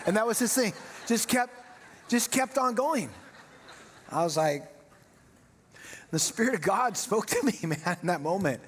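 Husky preacher man in a reverberant hall. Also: high voice, lively intonation, moderate pace, long pauses. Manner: storytelling, self-mocking with laughs. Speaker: pastor. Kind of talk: sermon.

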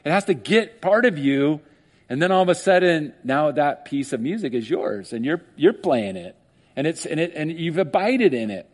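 Male pastor, higher-pitched, lively sermon delivery with mock voices. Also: normal speed. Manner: animated, acts out skeptics in mock voices, laughs often.

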